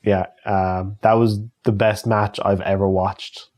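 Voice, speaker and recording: An Irish YouTuber in his thirties answers fan questions in a casual solo Q&A, reading each one aloud and swearing freely with loose humour. His fairly low voice is a little mellow, slow, and barely moves in pitch.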